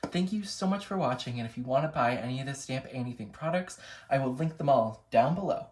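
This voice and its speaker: A man's voice: medium pitch, expressive, fairly quick, a little mellow. A playful man walks through a crafting demo in a loose, chatty way. He makes joking asides as he works. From Massachusetts. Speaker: craft demonstrator on a design team. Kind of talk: casual crafting tutorial.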